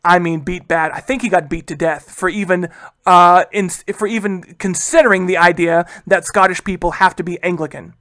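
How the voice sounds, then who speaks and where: A man's voice: high voice, fairly even intonation, fairly bright tone, dry recording. A man teaching a history lesson in a casual way, often calling his listeners guys and briefly acting out historical figures. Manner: acts out historical figures in quick asides. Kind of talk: recorded history lecture.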